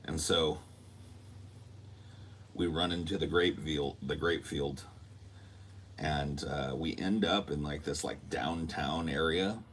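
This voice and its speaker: A man hosting a podcast, telling a dream in a loose, animated way, acting out quotes and swearing freely. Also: a bass voice, slow pace, pauses often, slight background noise. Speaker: podcast host. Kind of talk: casual storytelling.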